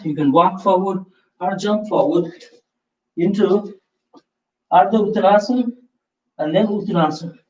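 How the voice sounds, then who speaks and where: A man guides a live yoga class, calling out poses and breaths in a calm, unhurried way. His voice sits fairly high for a man and comes from a bit away from the mic. The sound is roomy and slightly muffled. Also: far from the mic. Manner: calm, slow step-by-step cues with breath prompts. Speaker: yoga instructor.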